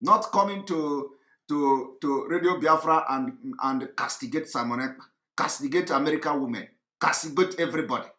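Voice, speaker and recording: A man giving impassioned political commentary, fervent and repetitive, often breaking into shouts. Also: on the high side, moderate pace. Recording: echoey room.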